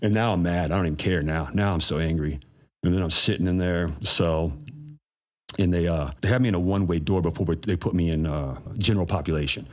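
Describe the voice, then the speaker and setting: A man's voice: sits low, brisk. A man telling a story as a podcast guest in a laid-back, profane, slangy way. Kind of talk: casual storytelling.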